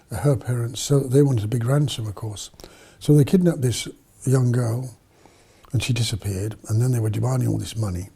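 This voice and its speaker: A man's voice: mid-range voice, gravelly, dark tone, breathy edge. A man, a priest and missionary, telling stories in an interview, rambling with many fillers and restarts. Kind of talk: storytelling in an interview.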